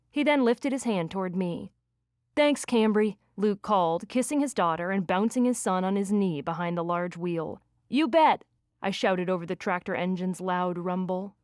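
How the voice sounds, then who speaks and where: A woman reading a first-person romance audiobook with lively, expressive delivery on a close studio mic. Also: mid-range voice, dry recording. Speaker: audiobook narrator.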